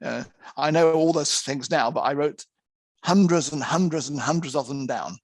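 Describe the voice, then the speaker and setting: A man teaching conference interpreters in an online lecture, speaking in lively, emphatic short phrases with some restarts. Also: on the high side, moderate pace, no room sound. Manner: lively, emphatic, counts out examples.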